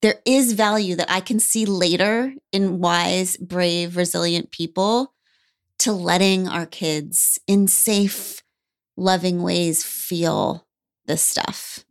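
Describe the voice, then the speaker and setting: A woman's voice: on the low side, fairly even intonation, slow, creaky. A woman co-hosting a podcast, talking in a thoughtful, earnest way full of "like"s. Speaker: podcast co-host. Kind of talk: casual chat.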